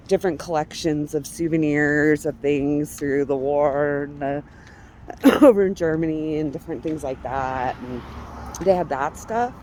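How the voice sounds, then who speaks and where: A woman's voice: low-pitched, darkish tone. A woman from Colorado, chatting casually in a walking vlog outdoors on a residential street, laughing often and cursing now and then. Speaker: vlogger. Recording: faint street noise outdoors. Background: passing traffic.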